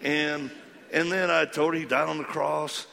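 A man preaching a storytelling sermon, animated and acting out the voices of the people in his story. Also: on the high side, moderate pace, gravelly, in a large hall. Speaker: ministry leader speaking to men.

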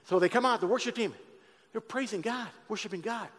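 A middle-aged man preaches his testimony in a big auditorium, his somewhat high voice trailing off into a long hall echo. He talks straight to the crowd, dropping low and quiet and then climbing up loud. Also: a little fast. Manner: conversational, addresses audience directly, shifts from hushed to loud. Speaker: speaker giving a testimony talk. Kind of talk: sermon-style testimony. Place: large auditorium.

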